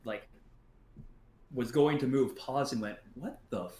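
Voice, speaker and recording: A man's voice: mid-range voice, darkish tone, reverberant, a little hiss or hum. A man co-hosting a podcast in casual chat, stumbling and restarting often, swearing freely and laughing. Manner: halting, many restarts and stumbles. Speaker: podcast co-host.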